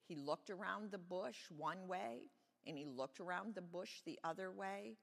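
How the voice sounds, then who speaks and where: A woman giving a children's sermon, talking gently and plainly to kids. Her voice sits a little low with a gravelly fry. It echoes through a large church sanctuary. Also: measured pace. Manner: friendly, explaining simply to children.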